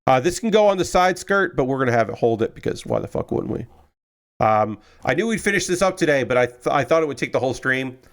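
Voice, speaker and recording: A tired man chatting through a home live stream at a desk mic, his voice sitting at an ordinary middle pitch. He rambles loosely, restarting sentences and filling pauses with ums and uhs. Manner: rambling and relaxed, full of filler words and restarts. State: tired, yawning. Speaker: streamer hosting a model-building stream. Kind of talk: casual live-stream chat.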